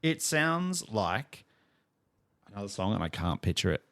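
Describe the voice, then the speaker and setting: A young man co-hosts a music podcast with dry, teasing humor. His voice is on the lower side, and his delivery is casual and unhurried. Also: big pitch swings. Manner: dry, teasing, laughs easily. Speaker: podcast co-host. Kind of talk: casual chat.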